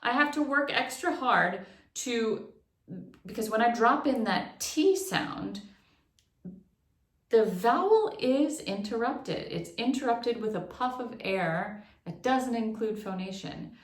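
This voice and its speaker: A woman teaching an online singing lesson, explaining technique and breaking into short sung demonstrations. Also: medium pitch. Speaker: vocal instructor. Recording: echoey room.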